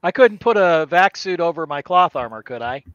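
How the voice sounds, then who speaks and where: A man with a fairly high voice plays a tabletop game and keeps asking the game master rules questions. His mic sounds dull and lo-fi, with no room sound at all. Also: expressive, fairly bright tone, smooth, no room sound. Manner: questioning, quick to agree. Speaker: player. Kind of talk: casual tabletop game chat.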